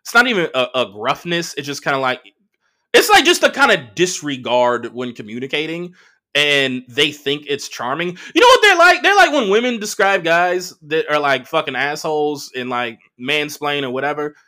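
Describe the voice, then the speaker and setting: A man's voice: on the high side, expressive, moderate pace, sharp tone. Profane, rambling man with a Los Angeles accent. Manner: profane, rambling storytelling with many fillers. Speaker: podcast host. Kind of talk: casual solo podcast monologue.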